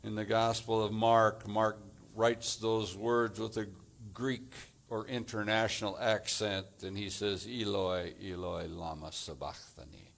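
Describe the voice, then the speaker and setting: A man preaching a sermon as pastor, deliberate and measured, delivering his points in short phrases. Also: lowish voice, flat delivery, a bit bright.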